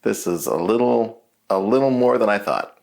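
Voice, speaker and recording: A man paranormal investigator talking casually in a halting, hesitant way during a ghost hunt. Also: fairly low pitch, animated, vocal fry, a little mellow. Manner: halting, hesitant, often restarting sentences.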